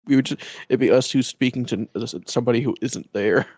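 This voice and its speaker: Speaking at a medium pitch with a darkish tone, a man co-hosts and edits a laid-back podcast from a home mic on a voice call. He curses a lot, rambles, and keeps losing his thread and restarting. There's no room sound.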